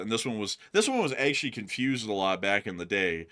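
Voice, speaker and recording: A man co-hosting a casual live stream, answering a viewer's question in a brisk, analytical way with many fillers. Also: lowish voice, animated, pushed and bright. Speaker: co-host.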